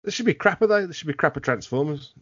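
A man's voice: fairly high pitch, expressive, fast, a bit bright, no room sound, dull audio. A British man co-hosting a podcast, chatting drunkenly, laughing often and swearing. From Britain. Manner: laughs a lot, swears, loose mock-Cockney banter. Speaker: podcast co-host. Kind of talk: drunken casual chat.

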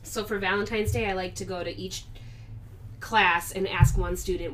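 A young woman with a fairly low voice talks at normal speed over slight background noise. She's an elementary school teacher chatting casually with friends. She animatedly tells classroom stories, acts out her students' voices and swears freely.

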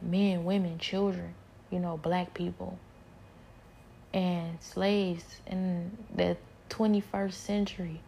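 Gravelly low-voiced woman, trailing into whispers. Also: slight background noise. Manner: soft-spoken, often trailing into whispers; rambling, many fillers and repeats. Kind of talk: personal spiritual testimony.

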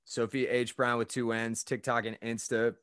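A relaxed young man hosts a casual podcast, chatting in a loose, slangy way and laughing easily. His voice sits at a middle pitch and sounds dry and close to the mic. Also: normal speed, clean tone, no echo. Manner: laid-back, laughs often, slangy. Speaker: podcast host.

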